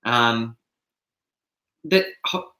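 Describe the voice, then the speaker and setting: A man's voice: mid-range voice, expressive, very slow, sharp tone. A man co-hosting a casual podcast discussion, thinking aloud with lots of fillers. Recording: roomy echo.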